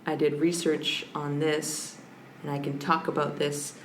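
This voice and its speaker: A woman's deep, flat, unhurried voice belongs to a podcast guest who is a language scholar. She reflects and searches aloud, often restarting, in what is a reflective conversational interview. Faint hiss sits beneath a roomy sound.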